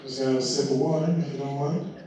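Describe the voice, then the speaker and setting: A man's voice: mid-range voice, fairly even intonation, fast, dark tone, slight background noise. A man doing a stand-up comedy set on a live stage, telling a story loosely and with plenty of swearing, acting out his own reactions as he goes. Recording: distant, echoey live stage audio.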